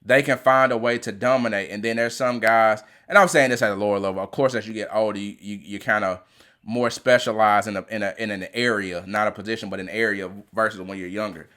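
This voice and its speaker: A man, an athletic trainer and podcast host, giving an animated motivational talk and often restarting his phrases. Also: on the low side, brisk.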